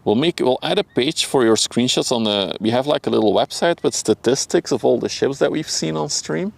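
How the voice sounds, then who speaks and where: Fairly quick and gravelly at a medium pitch, a young man with a Dutch accent hosts a laid-back livestream from beside a river. He chats loosely and laughs a lot, greets viewers by name, and at times speaks softly to keep from disturbing people nearby.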